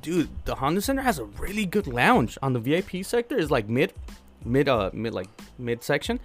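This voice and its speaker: A man telling a crude story in casual chat, rambling and profane, loudly acting out what people said. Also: on the high side, sing-song, fairly quick, soft background music. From Zacatecas, Mexico family roots. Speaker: podcast co-host.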